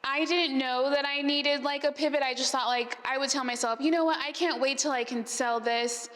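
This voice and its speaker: A woman from Arizona who hosts a podcast answers questions at a live event, telling chatty stories full of "like" and laughter. Her high voice is fairly bright, with fairly even intonation and a normal pace. The event space has long hall reverb.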